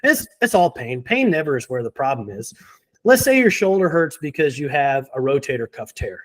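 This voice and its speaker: A man in an interview, confidently explaining why pain is a sign of a deeper problem, with a laugh now and then between points. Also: big pitch swings, moderate pace. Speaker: physical therapy guest. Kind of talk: conversational interview.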